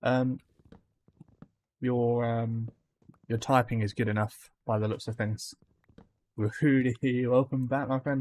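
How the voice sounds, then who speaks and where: A man's voice: mid-range voice, level tone, takes it slowly, long pauses, a little mellow. A man streaming a game live, chatting casually with his viewers and greeting them by name, with plenty of ums. He says his accent can be hard to follow.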